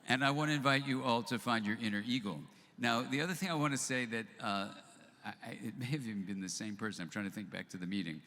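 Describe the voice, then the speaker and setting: A man's voice: medium pitch, slight background noise. Older man telling stories in a reverberant hall. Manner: animated storyteller, acts out both sides of dialogues. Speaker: speaker at a live book launch event. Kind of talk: storytelling talk to a live audience. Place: event venue with audience. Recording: long hall reverb, faint ambience.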